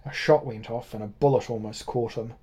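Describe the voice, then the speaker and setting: A man narrating a first-person adventure novel in a measured way. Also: medium pitch, steady tone, mellow, breathy edge. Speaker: audiobook narrator. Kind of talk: scripted narration.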